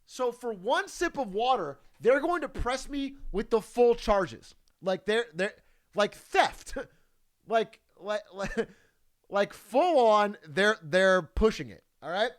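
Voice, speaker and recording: A man's voice: sits high, lively intonation, takes it slowly. A man telling a story casually, swearing freely and breaking into laughter often.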